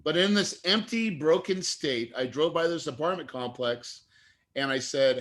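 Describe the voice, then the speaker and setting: A middle-aged man with a bright, forceful, somewhat high voice tells his story as an interview guest. He is earnest and animated and gets choked up at times. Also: normal speed. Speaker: guest investor.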